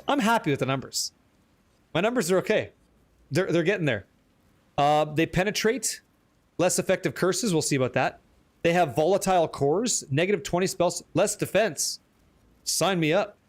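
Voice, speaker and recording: High-voiced excitable male game streamer. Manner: excitable, chatty, swears casually. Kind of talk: live gameplay commentary.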